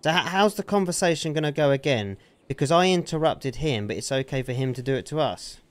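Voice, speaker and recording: A man's voice: a little high, a little fast. A man in an in-character roleplay argument, aggrieved and defensive, swearing often. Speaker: roleplay streamer.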